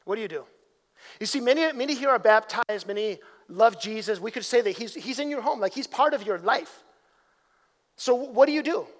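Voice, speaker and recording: A man's voice: sits high, animated, brisk, fairly bright tone. A man preaching a sermon as pastor in a church, speaking conversationally, repeating his words and building to emphatic peaks. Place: church sanctuary. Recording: long hall reverb.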